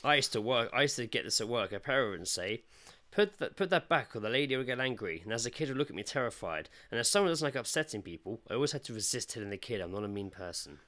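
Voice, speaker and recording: A man's voice: on the low side, fast, few pauses. A young man co-hosting a casual comedy podcast, telling stories and acting out the people in them. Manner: animated storyteller, acts out quoted voices. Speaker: podcast co-host.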